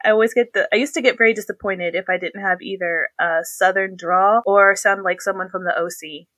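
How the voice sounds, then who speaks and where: An American woman hosting a casual chat, animated and laughing, her pitch swooping up often. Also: brisk, no echo. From United States. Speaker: host.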